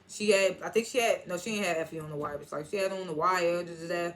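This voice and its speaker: A fast-talking man with a high-sitting voice casually recaps and reviews a TV episode. He rambles in an animated way, swearing often and laughing a lot.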